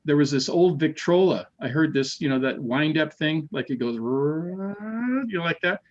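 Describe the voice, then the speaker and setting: A man's voice: fairly high pitch, moderate pace. Man telling ghost stories, slightly muffled. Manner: animated, repeats words, acts out quoted voices. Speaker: podcast guest. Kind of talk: casual storytelling.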